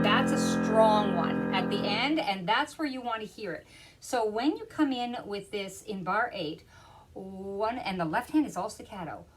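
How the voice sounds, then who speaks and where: A woman's voice: mid-range voice, normal speed, poor audio. A woman piano teacher explaining rhythm in a lesson, counting beats aloud and half-singing them. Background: piano playing.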